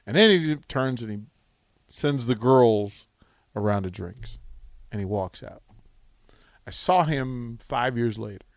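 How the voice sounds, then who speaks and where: A man hosting a sports radio talk show, telling a rambling, animated anecdote with restarts into a studio mic. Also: medium pitch, slow pace, no echo.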